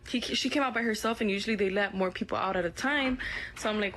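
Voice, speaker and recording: A woman casually recounts events as a witness in a clip, rambling and peppering her speech with "like" and "whatever." Her mid-range, slightly bright voice races along over slight background noise.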